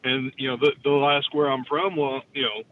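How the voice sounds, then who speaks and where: A man's voice: flat delivery, moderate pace. A man calling in while driving, easygoing and drawling. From Texas. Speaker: caller. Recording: muffled phone call with road rumble.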